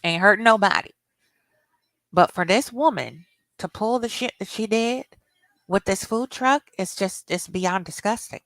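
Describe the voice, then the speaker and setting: A woman's voice: medium pitch, animated, measured pace, fairly bright tone, no echo. A woman hosting a commentary rant, blunt and profane as she reacts to clips. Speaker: commentary host.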